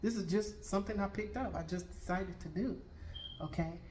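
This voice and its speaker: A woman's voice: medium pitch, moderate pace, mellow, a little hiss or hum. Woman who keeps asking "okay?", roomy sound. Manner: checks in with "okay?" after nearly every point. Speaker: Reiki master and tarot reader. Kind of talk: spiritual storytelling to viewers. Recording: roomy room with faint background ambience.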